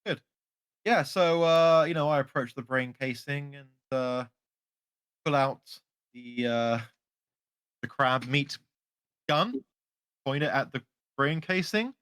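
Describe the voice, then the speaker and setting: A man's voice: mid-range voice, takes it slowly, pauses often, fairly bright tone, clean tone, dry recording, studio quality. A man playing a tabletop game, hesitant and asking questions about the rules. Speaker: player.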